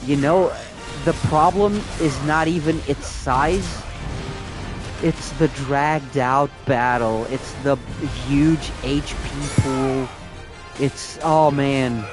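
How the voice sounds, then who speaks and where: Slow-talking male game streamer. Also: medium pitch, over music. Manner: chatty and rambling, reacts to chat, swears freely. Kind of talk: casual live-stream gameplay commentary.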